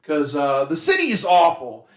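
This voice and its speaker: A man's voice: fairly high pitch, huge pitch swings, normal speed. A man co-hosting a podcast, rambling in a laid-back way with lots of fillers and swearing. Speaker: podcast co-host. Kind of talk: casual chat. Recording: echoey room.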